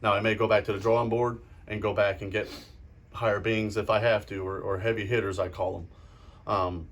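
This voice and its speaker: A paranormal investigator speaks in an interview in a somewhat low voice. He is blunt and earnest, and he often says the same thing twice. He sounds steady and sure of himself. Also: brisk.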